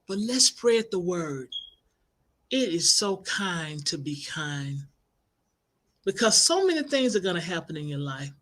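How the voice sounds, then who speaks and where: A middle-aged woman, a life coach and minister, telling inspirational stories in an animated, expressive way. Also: fairly low pitch, a little slow. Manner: animated, expressive, acts out quoted voices. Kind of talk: inspirational storytelling broadcast.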